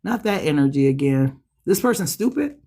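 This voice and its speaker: At a normal pace, a woman reads tarot casually and directly to viewers, cursing bluntly and breaking into high, excited bursts.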